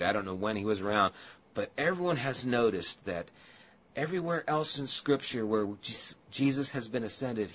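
A man preaching a sermon, telling a humorous personal story and then turning earnest and quiet. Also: on the low side. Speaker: pastor. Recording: dull lo-fi audio with faint hiss.

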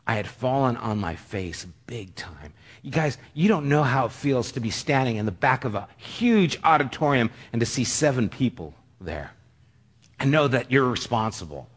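In a mid-range voice with a breathy edge, a middle-aged man recounts a personal story during a sermon. He sounds earnest but halting, frequently starting his sentences over.

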